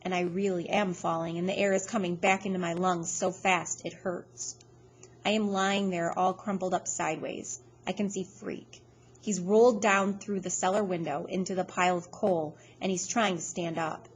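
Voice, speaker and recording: Woman reader, first-person novel narration, steady and measured, faint hiss behind. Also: fairly low pitch, poor audio. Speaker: audiobook reader.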